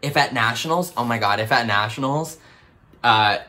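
A young Canadian man with a Canadian accent, reacting to his old TV show in animated, self-mocking casual commentary. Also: medium pitch, moderate pace.

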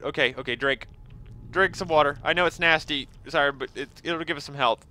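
A man giving excitable let's-play commentary over a game, yelping and gushing over every find. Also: a little high, a little fast, smooth. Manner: excitable, yelps and gushes over finds. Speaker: gaming video host.

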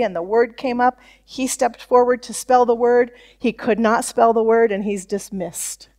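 High-voiced woman pastor, lively conversational sermon delivery. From United States. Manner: conversational preaching, animated quoted voices. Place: church.

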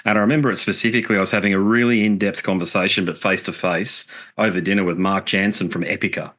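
Middle-aged man, very low voice, earnest and reflective, swears casually; interview guest. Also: steady tone, quick pace, a bit bright. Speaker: podcast guest, musician.

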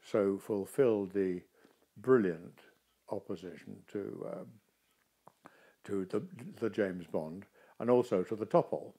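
A man's voice: lowish voice, slow, pauses often, husky. An older man, an actor, talking in a casual interview and telling stories expressively. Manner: expressive, animated storytelling.

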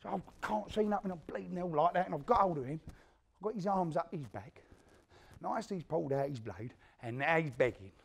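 An actor playing a lively East London gangster. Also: male voice, a little high, brisk, gravelly, breathy edge, exaggerated voice. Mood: gritty. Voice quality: coarse, swearing street talk. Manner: animated storyteller who acts out the quotes of others. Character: East End career criminal man recounting his violent past. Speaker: actor in a one-man stage play. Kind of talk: theatrical monologue to a live audience.

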